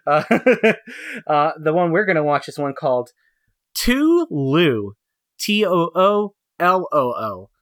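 A man riffs about old cartoons on a podcast, his talk full of fillers and frequent laughter. His voice is bright and swings widely in pitch. It sounds close and dry. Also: sing-song, slow, dry recording. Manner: laughs often, rambling with many fillers. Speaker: podcast co-host. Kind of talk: casual chat reviewing cartoons.

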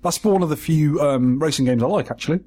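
A man's voice: a little high, a little mellow. A man hosting a podcast, chatting casually and easily with his co-host. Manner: chummy, easygoing, quick reactions. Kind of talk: casual chat.

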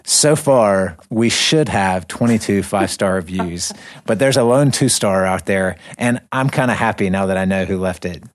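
Young guy co-hosting a podcast, lowish voice, rambly and loose. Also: normal speed. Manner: relaxed, rambling with fillers and restarts. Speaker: podcast co-host. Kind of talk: casual chat. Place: living in the North Caucasus.

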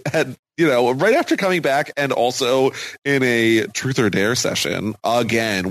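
A man's voice: mid-range voice, no echo. A man from the United States co-hosting a podcast, recapping with frequent laughs and hesitant fillers. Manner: giggly, hesitant, many fillers. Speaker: podcast co-host. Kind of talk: casual chat recapping a reality show.

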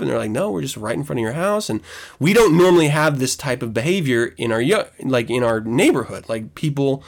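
A man hosting a podcast, telling a story in a casual, animated way, swearing and laughing as he goes. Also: mid-range voice. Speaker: podcast host.

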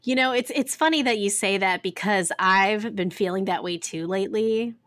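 A woman's voice: medium pitch, moderate pace, a bit bright, no room sound. Woman cohosting a podcast, dry close sound, chatty, lots of likes and ums. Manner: chatty, uses many fillers. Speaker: podcast co-host. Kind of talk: casual chat.

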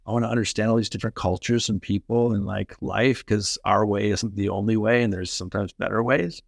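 A man's voice: on the low side, fairly quick, creaky, no echo, clean studio sound. A man in his forties, a former hockey player and coach, telling personal stories with enthusiasm and frequent "like"s. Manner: enthusiastic, animated, says "like" often. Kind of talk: energetic storytelling in conversation.

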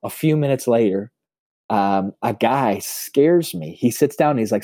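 A man with a warm, mellow voice tells stories in a podcast chat. He is a pastor with an outgoing manner who often stumbles and restarts his phrases. The recording is close and dry. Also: expressive, unhurried, dry recording. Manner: self-described high extrovert. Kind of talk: personal storytelling in casual conversation.

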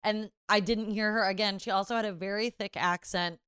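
A young woman, a first-time mother, telling a story in casual chat, animated and swearing freely. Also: medium pitch, fairly quick, clean tone, dry recording, studio quality.

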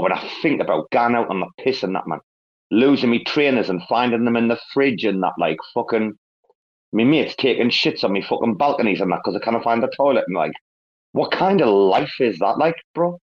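An English-accented man hosts a casual online crypto community chat, swearing nonstop, laughing, and telling stories in northern English slang. His voice is medium-pitched and animated, he talks fairly quickly, and the audio sounds dull.

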